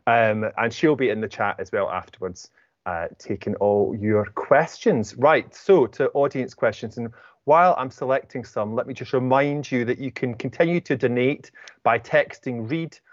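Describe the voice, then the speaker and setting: A man's voice: mid-range voice, normal speed, no echo, lo-fi sound. A man hosting an event, gushing as he introduces guests and reads out donation details. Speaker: host. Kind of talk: hosting a charity book event.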